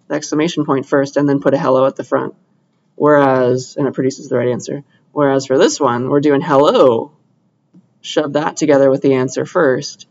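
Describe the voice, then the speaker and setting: An upbeat young computer science lecturer teaches a class in a voice set a little higher than most men's, with a darkish tone. He often asks checking questions of his listeners. The lecture room recording sounds dull and lo-fi.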